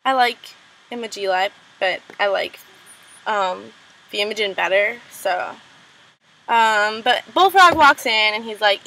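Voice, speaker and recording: A young woman casually recapping a TV episode, full of "like" and "um", quickly acting out characters' lines. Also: medium pitch, sharp tone, low-quality recording. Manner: chatty, lots of "like" and "um", acts out lines in quick impressions. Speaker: recap vlogger.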